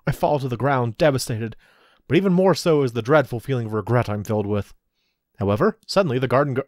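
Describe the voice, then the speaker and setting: A man's voice: medium pitch, animated, quick pace, soft background music. A man hosting a let's play, reading the game's story aloud with playful, laughing asides. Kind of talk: reading game text aloud with commentary.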